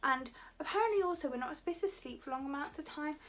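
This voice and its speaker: Young woman, high voice, rambling chatty vlogger. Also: expressive, fast talker, a bit bright, slight background noise. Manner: rambling, chatty, many "like" fillers. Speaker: beauty vlogger. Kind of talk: casual chat to camera.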